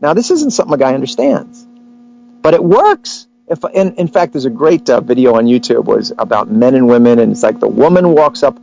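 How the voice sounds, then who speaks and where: A man hosting a casual conversation about relationships, telling stories with lively voices for the people he quotes. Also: medium pitch, a little fast, gravelly, highs cut off. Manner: animated storyteller, acts out quotes.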